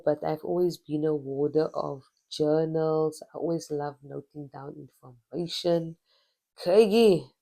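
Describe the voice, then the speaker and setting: A woman's voice: low-pitched, warm tone. A woman from Cape Town with a Cape Town South African accent, playfully introducing herself in a casual vlog. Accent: Cape Town South African English.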